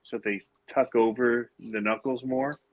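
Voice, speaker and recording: A man's voice: medium pitch, steady tone, a little slow, phone-quality sound. A man co-hosting a podcast from a hotel room late at night, joking and trading banter while wearing a headset. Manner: joking, trades banter and quips. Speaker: podcast co-host. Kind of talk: casual chat. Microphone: headphones with mic.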